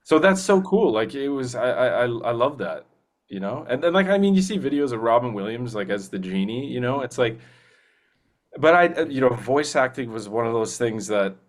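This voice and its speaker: A man's voice: medium pitch, animated, normal speed. A young man, a voice actor talking earnestly in a casual interview, rambling with many restarts. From Canada. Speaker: guest voice actor.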